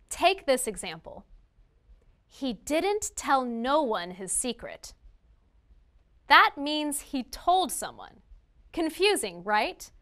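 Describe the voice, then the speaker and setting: A woman narrating a scripted grammar lesson, reading example sentences in a clear, deliberate way. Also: high-pitched, a bit bright. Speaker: grammar teacher.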